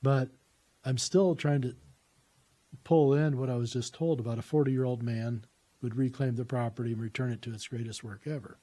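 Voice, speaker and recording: A man's voice: mid-range voice, fairly even intonation, normal speed, mellow. A man telling a personal story in a conversational way, recounting what people said to him.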